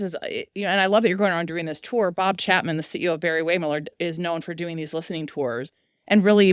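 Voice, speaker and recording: Low-pitched enthusiastic woman host. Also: no room sound, studio quality. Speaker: podcast host, leadership expert. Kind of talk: conversational interview.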